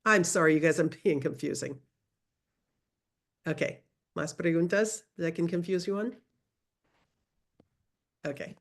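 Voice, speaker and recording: A woman's voice: on the low side, unhurried, gravelly, pauses often. A woman teaching a casual Spanish lesson over a video call, chatty and self-correcting, laughing easily. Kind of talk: casual online language lesson.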